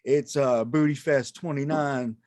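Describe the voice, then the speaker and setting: A man doing a stand-up comedy set on a club stage, self-deprecating and halting, with many ums and restarts. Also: medium pitch, steady tone, darkish tone, no echo, studio quality.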